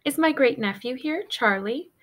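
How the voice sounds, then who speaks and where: A woman's voice: high-pitched, lively intonation, normal speed, a bit bright, voice pushed up. A woman voicing a scheming aunt who talks in a sticky, syrupy sweet way that turns cold. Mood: sugary.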